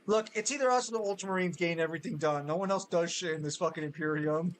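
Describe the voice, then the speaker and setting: A man streaming a game, talking in profane, animated banter while mock-arguing with friends. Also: on the high side, fast talker. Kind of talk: casual gaming banter.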